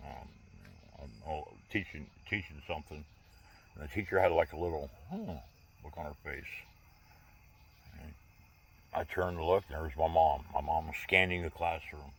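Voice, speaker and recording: A man's voice: very deep voice, fairly even intonation, normal speed, long pauses, husky. A man in his sixties telling personal stories in a candid, rambling way, with wry humor. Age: 60s. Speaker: vlogger. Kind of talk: casual personal storytelling.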